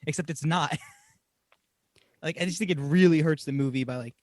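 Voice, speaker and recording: A young man co-hosting a casual movie podcast, animated and swearing, often laughing and mocking what he watched. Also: on the high side, moderate pace, dry recording, studio quality. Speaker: podcast co-host. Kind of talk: casual film review chat.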